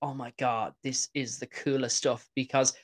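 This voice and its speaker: A man hosting a podcast, telling stories in an excitable, rambling way. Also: mid-range voice, moderate pace. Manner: excitable rambling storyteller, many "like"s. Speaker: podcast host. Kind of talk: casual interview chat.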